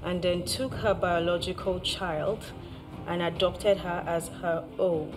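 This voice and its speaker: Sarcastic young daughter, Nigerian accent, lowish voice, TV drama, music score behind. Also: female voice, fairly even intonation, slow. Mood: cold. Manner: bitter and sarcastic. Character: bitter, cutting young woman, a betrayed daughter. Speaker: estranged adult daughter in a family drama. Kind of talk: TV drama acting.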